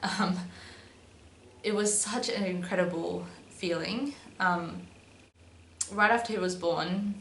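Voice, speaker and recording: Slowly and casually, a young vlogger with a fairly low voice relates a personal story, leaning on lots of "um"s and "but yeah"s. The audio has an echoey room sound and a faint hum.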